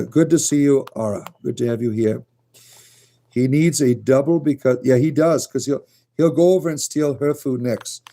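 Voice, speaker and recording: A man's voice: medium pitch, dark tone. A man hosting a casual live stream, chatting playfully and coaxing his pet rabbits in a sing-song voice. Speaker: livestream host. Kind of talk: casual live chat with pets.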